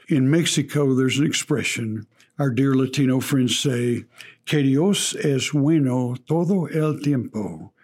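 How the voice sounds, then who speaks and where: A man's voice: medium pitch, a little mellow, husky. Earnest Texan man, preacherly podcast host. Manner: earnest, preacherly, quotes scripture. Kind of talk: devotional podcast talk.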